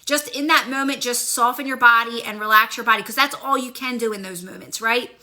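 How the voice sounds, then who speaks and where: Upbeat woman on a phone live, kinda high bright voice, cheering on viewers and answering comments. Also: a little fast. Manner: upbeat, encouraging, talks back to comments. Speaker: manifestation coach. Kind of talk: casual livestream chat with viewers.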